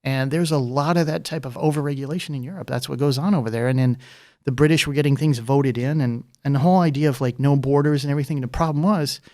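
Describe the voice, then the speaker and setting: A man's voice: mid-range voice, quick pace, mellow, dry recording, clean studio sound. A man talking politics as a guest in casual chat, rambling with many fillers and asides. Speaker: guest, former political candidate.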